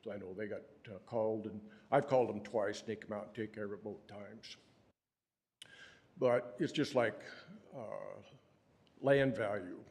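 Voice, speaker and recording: A man, making a measured, hesitant public comment at a county meeting. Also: lowish voice, steady tone, gravelly, darkish tone. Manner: measured, hesitant with many fillers. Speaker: member of the public.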